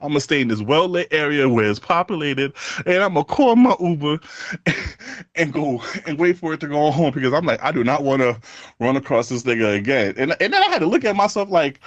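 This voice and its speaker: Fairly quick and fairly high-pitched, a man with a Brooklyn accent laughs his way through a street-talk story on a podcast he co-hosts, his pitch swinging widely. The audio has no echo, but the highs are cut off.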